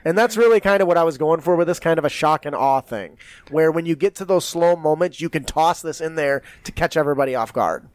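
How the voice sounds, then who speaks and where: A man's voice: on the high side, fast, no room sound. A man hosting a podcast in laid-back, joking casual chat. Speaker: podcast host.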